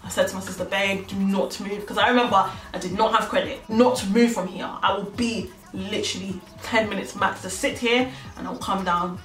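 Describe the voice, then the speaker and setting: Speaking a bit fast with few pauses, this young female vlogger uses a mid-range, fairly even voice as she narrates a slangy, casual story and plays both parts. Faint music and room echo come through a distant mic.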